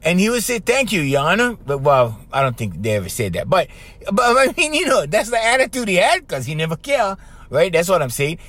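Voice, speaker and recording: A man's voice: high-pitched, huge pitch swings, a little fast, a bit bright. A man with a Hawaiian Pidgin accent, hosting a podcast as a casual, loose monologue full of "bro" and laughs. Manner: chatty, loose, laughs often, says bro. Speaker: podcast host.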